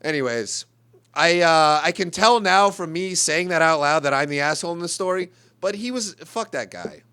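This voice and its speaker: A man's voice: on the high side, expressive, moderate pace, sharp tone, clean tone. A young man telling a profane, rambling comic story in an exasperated ranting manner. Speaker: comedian. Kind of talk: comedic monologue.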